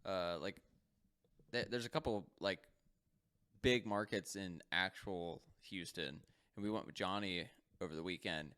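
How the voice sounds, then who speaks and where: A man's voice: deep voice, unhurried, a bit bright, clean tone. A young man co-hosting a podcast, chatting casually, laughing often and swearing freely. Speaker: podcast co-host. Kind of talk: casual chat.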